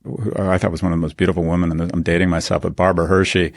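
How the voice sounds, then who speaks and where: A middle-aged man with a fairly low voice, recorded dry and close. He spins anecdotes with a sardonic edge and rises into indignant emphasis when he makes his point. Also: little pitch movement, rapid-fire, creaky, no room sound. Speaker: podcast co-host. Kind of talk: casual opinionated chat.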